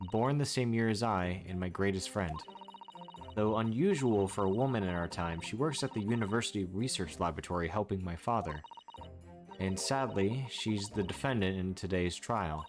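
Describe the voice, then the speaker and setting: A man voicing a polite, earnest young woman who speaks formally and gently, reading over game music. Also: on the low side, moderate pace, close to an everyday voice. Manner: formal, gentle, devoted phrasing.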